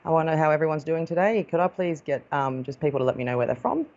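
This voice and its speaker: A woman's voice: sits low, fast talker, a little mellow, muffled recording. An Australian woman hosting a live stream as a psychic medium, chatting casually and affectionately, calling viewers darling as she greets them.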